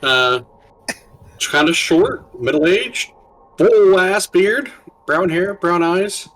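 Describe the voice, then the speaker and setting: A man's voice: sits high, extremely slow, a bit bright, low-quality recording. A man playing a tabletop game who describes his new character hesitantly, with lots of ums. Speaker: player. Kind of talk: casual chat.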